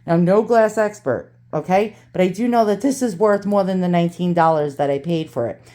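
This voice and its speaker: A woman's voice: on the low side, brisk, dark tone. A woman with a New York accent talks casually while she unboxes antiques at home. She rants and curses, then turns cheerful and chatty in seconds. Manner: ranting, swings from angry cursing to cheerful. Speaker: antique channel host. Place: home with dogs.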